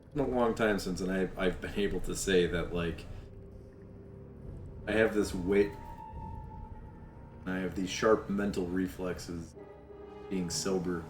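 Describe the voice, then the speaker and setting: A man's voice: low-pitched, steady tone, measured pace, long pauses. A man chatting candidly on a live stream, rambling and leaning on lots of fillers. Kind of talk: casual live-stream chat. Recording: roomy echo, faint game music. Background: faint game music.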